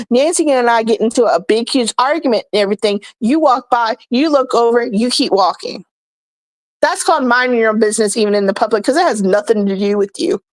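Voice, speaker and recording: Gal vlogging, kinda high voice, ranting and cussing at her haters, super blunt. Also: no room sound, low-quality recording. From United States. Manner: blunt, scolding, swears freely. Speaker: vlogger reacting to comments. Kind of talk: ranting commentary.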